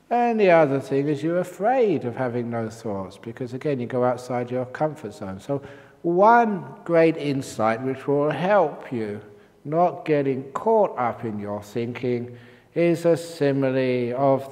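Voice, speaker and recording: An older man teaching meditation, telling stories with lively swings up into high, shouted quotes. His voice sits at a middling pitch and rings with a long reverb from the hall around him. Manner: animated storyteller, jumps high for quoted outbursts. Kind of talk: dharma talk with humorous stories.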